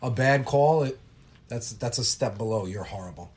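Male co-host, mid-pitched, casual explainer with a coaching tone. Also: normal speed, darkish tone. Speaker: podcast co-host, basketball referee. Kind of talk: casual instructional chat.

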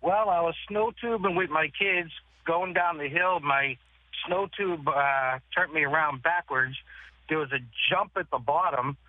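A man's voice: a little high, unhurried, no echo. Male caller on a tinny phone line. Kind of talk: phone-in story.

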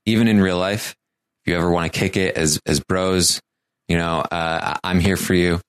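A man voicing a reserved, serious man who speaks in a measured, sincere way. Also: sits low, steady tone, clean tone, lightly acted. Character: reserved, serious grown man giving respect.

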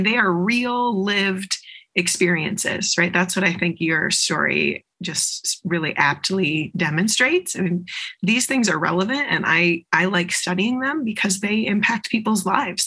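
Husky, thoughtful woman psychologist. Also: fairly low pitch, fairly bright tone. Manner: thoughtful, supportive, measured. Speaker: research psychologist guest. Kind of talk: podcast interview.

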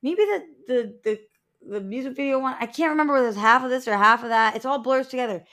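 Woman on a podcast, kinda high voice, talks blunt and animated, swears a lot. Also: fast. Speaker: co-host. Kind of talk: casual podcast chat.

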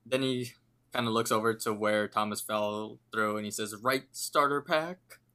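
A man's voice: lowish voice, level tone, normal speed, bright, forceful tone. A man co-hosting a podcast, casually retelling a cartoon episode scene by scene and quoting the characters' lines in a lifted voice. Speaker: podcast co-host.

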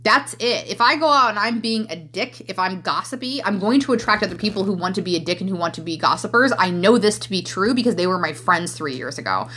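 A woman in her thirties at a middle pitch talks into a podcast mic in a rambling, heartfelt monologue, full of "like" and "you know." A faint hum sits under her voice. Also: animated, fast, hardly any pauses, pushed and bright. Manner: candid, rambling, emotional, many fillers. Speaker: podcast host and coach. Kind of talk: casual solo podcast monologue.

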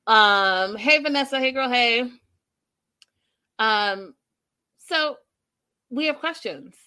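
A woman's voice: a little high, expressive, takes it slowly, bright, forceful tone, smooth. A woman hosting a live recap chat who talks casually and addresses her viewers directly. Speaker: host.

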